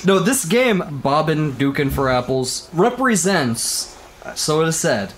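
A man's voice: on the high side, big pitch swings, a little slow, a little hiss or hum. Joking man on a casual podcast. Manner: rambling, laughs often, crude jokes. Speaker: podcast host.

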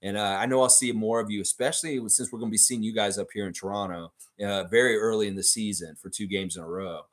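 A man's voice: on the low side, quick pace. A man hosting a fan livestream in a casual, rambling way, reading out viewer comments and laughing readily. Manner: chatty and excitable, laughs readily, rambling asides.

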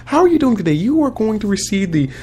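A man's voice: high-pitched, big pitch swings, fast talker, warm tone, husky, pitched above the performer's own voice, heavily acted. A man voicing a bubbly female award-show interviewer who gushes her questions. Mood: chirpy.

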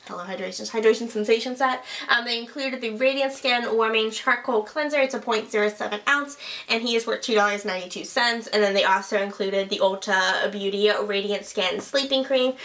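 Young woman vlogger, high bright voice, chatty and self-mocking, rambles off topic. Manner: rambling, self-mocking, goes off topic, stumbles over brand names. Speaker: beauty vlogger. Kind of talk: casual product review chat.

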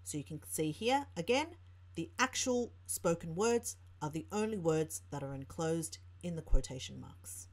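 A woman's voice: low voice, lively intonation, unhurried. A woman tutor with an Australian accent, explaining a writing lesson and reading example sentences aloud. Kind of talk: teaching lesson narration.

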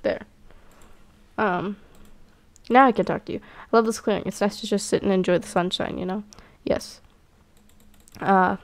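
Her voice is medium in pitch with vocal fry and fairly even intonation, moving at a moderate pace. A woman casually commentates on a cat-clan game, reading out what the characters say, sassing them back, and swearing every so often.

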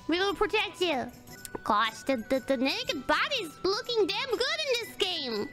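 A woman streaming a game, talking excitedly, laughing often and swearing casually as she plays. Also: very high-pitched, moderate pace. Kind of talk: gaming livestream commentary. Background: game music.

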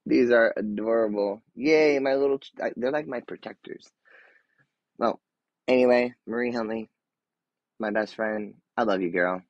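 A man in his thirties on a casual live stream, gushing and excitable, full of fillers and restarts, now and then dropping to a soft murmur. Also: mid-range voice, moderate pace, no echo, muffled recording.

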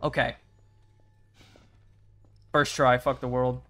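Taking it slowly, a young gaming YouTuber comments casually on his gameplay in a medium-pitched, level voice that is bright and forceful. He speaks to himself and the game's characters, pleading, swearing and celebrating.

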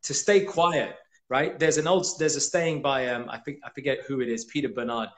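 A man's voice: medium pitch, fairly even intonation, moderate pace. A man co-hosting a casual motivational chat, speaking in an emphatic, rousing way. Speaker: co-host, retreat leader.

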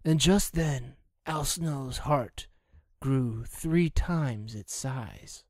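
A young man doing a jokey, excitable commentary over a video game, bursting into mock announcer shouts. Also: medium pitch, extremely slow, dry recording. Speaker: let's play gamer. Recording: dry close recording.

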